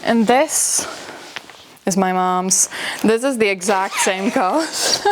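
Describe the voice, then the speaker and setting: A woman's voice: mid-range voice, lively intonation, slow, noisy background. Gushing woman showing off her coats. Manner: gushing, piles up superlatives. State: a bit out of breath from carrying coats. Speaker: fashion vlogger. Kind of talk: casual chat to camera.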